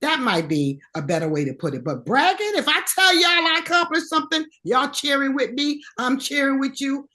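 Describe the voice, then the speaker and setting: A middle-aged woman co-hosts a casual podcast, telling stories and acting out little quotes along the way. Her voice sits on the higher side and swoops up and down with plenty of animation. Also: brisk, few pauses. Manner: lively, animated storytelling with acted quotes. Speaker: podcast co-host. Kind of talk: casual chat.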